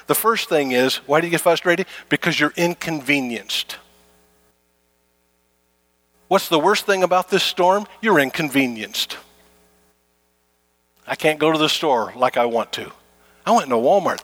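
A man's voice: on the high side, lively intonation, normal speed, fairly bright tone, no echo. A middle-aged man preaching a conversational sermon to his congregation, repeating his key phrases and acting out everyday complaints. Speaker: pastor.

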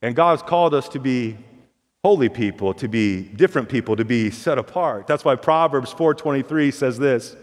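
A man's voice: mid-range voice, lively intonation, moderate pace. A male pastor preaching a sermon in a folksy, storytelling way, often restarting and repeating words. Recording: long hall reverb.

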